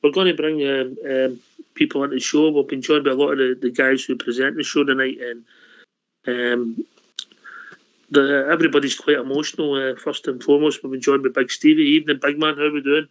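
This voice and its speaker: A man's voice: mid-range voice, little pitch movement, brisk. A man hosting a casual call-in show, easygoing and calling his guests mate. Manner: easygoing, calls people mate. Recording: dull lo-fi stream audio.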